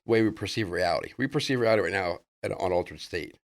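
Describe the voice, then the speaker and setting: A man telling a rambling personal story as a podcast guest in casual chat, loose and excitable, full of "like" and "dude". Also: low-pitched, racing, dry recording.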